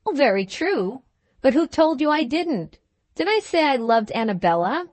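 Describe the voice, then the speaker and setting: A woman's voice: sits high, very animated, moderate pace, no room sound. A woman voicing a bluff, hearty young husband in a storybook, jovial and teasing. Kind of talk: storybook dialogue.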